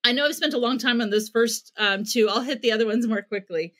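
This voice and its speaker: A woman's voice: a little high, fairly quick, a bit bright. An American woman guesting on a podcast, earnestly explaining parenting advice and acting out bits of dialogue as she goes.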